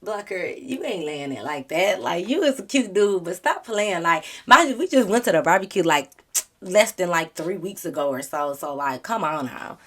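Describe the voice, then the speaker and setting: Animated young woman telling a storytime. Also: on the low side, normal speed. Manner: animated, laughing, dramatic storyteller; talks straight to her viewers. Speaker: vlogger. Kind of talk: casual storytime chat.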